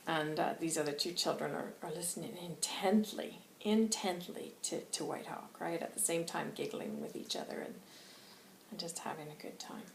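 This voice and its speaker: A woman's voice: low voice, normal speed, vocal fry. A woman channeller chatting through a monthly reading, rambling and laughing as she goes. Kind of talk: casual spoken reading. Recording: roomy with faint hiss.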